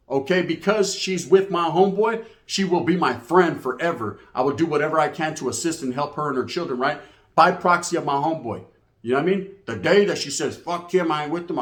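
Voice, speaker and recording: A man telling street stories in a slang-heavy, profane, animated monologue. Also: on the high side. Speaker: storyteller host. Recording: echoey room.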